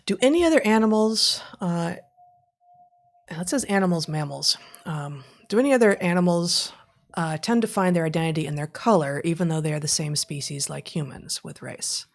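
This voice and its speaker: Woman with a gravelly edge reading questions. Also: fairly low pitch, moderate pace. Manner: warm, laughs often, reads out listener questions. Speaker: podcast co-host. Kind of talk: casual livestream conversation.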